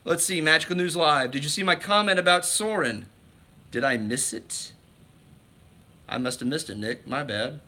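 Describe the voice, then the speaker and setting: A man chats to his viewers on a casual livestream, rambling and restarting his sentences as he goes. His voice is bright and forceful, with a tense, energetic edge. His pitch sits a little high for a man. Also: normal speed. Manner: rambling, enthusiastic, with many restarts. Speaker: livestream host.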